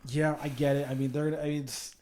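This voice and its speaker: A man's voice: fairly high pitch, flat delivery, a little fast, a little mellow, a little hiss or hum. A young man co-hosting a podcast in casual chat, rambling, cursing and restarting his sentences. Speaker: podcast co-host.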